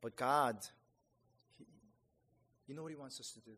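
Animated preacher in a reverberant hall. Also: male voice, moderate pace, breathy edge. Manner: animated, acts out reactions with rising pitch; conversational, with fillers and restarts. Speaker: pastor. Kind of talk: sermon.

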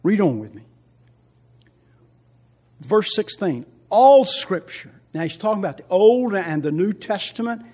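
An older man preaching a sermon as pastor, swinging between loud emphatic lines and quiet asides, repeating key phrases and asking the congregation questions. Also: high voice.

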